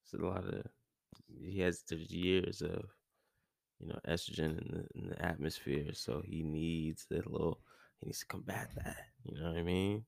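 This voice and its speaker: A man's voice: low voice, fairly even intonation, moderate pace, creaky, a little mellow, no room sound, studio quality. A young man co-hosting a casual chat, laid-back and slangy. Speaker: podcast co-host.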